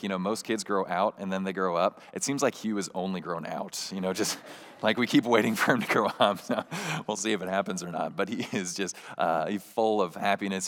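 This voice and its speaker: A man in his thirties delivering a sermon in a fairly low voice. He talks to the congregation like friends, earnest and conversational, often restarting and checking in with "right?". He laughs warmly now and then. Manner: laughs warmly while telling stories. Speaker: pastor.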